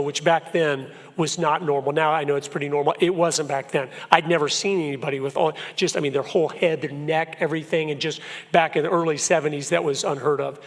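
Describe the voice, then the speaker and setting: Earnest man speaking in a reverberant church. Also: on the high side. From Florida. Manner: earnest storyteller, emphatic, shifts pace a lot. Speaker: guest speaker. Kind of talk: church talk with personal stories. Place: church sanctuary. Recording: long hall reverb.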